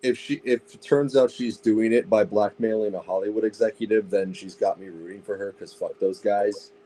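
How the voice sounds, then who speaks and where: A man's voice: on the low side, steady tone, moderate pace, warm tone, slight background noise, poor audio. A man on a casual podcast chat, blunt and sarcastic, swearing freely as he gives his opinions. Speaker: podcast co-host.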